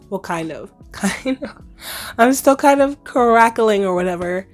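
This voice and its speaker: Hoarse young woman chatting on her podcast. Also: mid-range voice. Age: 20s. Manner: chatty, playful slang, laughs often. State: hoarse, recovering lost voice. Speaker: podcast host. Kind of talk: casual solo podcast chat.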